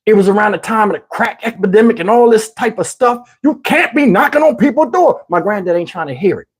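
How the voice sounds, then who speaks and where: A middle-aged man casually telling a personal story in an animated, streetwise way, with lots of "you know what I'm saying" asides. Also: high-pitched, a little fast, slightly rough. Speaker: YouTube storyteller.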